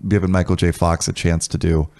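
A man talks casually as a podcast guest, trading wry, dry jokes. His voice sits very low. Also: flat delivery, brisk, a little mellow. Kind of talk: casual chat.

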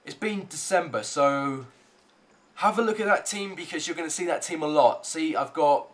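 A young man giving gameplay commentary, muttering low when calm and swearing loudly in bursts of rage at the lag. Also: moderate pace. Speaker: gaming YouTuber.

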